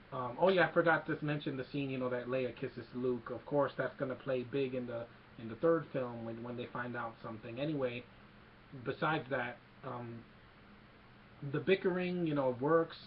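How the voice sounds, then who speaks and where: A man's voice: medium pitch, fairly even intonation, moderate pace, slight background noise. A man giving a casual, rambling film recap, retelling scenes and quoting lines, on a slightly dull lo-fi home recording. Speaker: movie reviewer.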